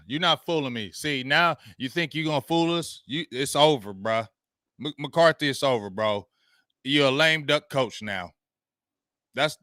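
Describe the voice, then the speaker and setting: A man's voice: medium pitch, bright, forceful tone, no room sound, studio quality. A man hosting his own late-night show, ranting about football in a heated, mocking, slangy way. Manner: heated, mocking, barking dog noises, slangy. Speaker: show host. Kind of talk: animated sports rant.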